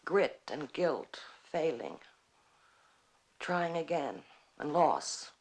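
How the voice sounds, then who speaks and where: A sardonic alcoholic sister. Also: female voice, low-pitched, expressive, very slow, darkish tone, exaggerated voice. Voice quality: wry, theatrical, mocking. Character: sardonic middle-aged woman, alcoholic sister, bitter wit. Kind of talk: stage play performance.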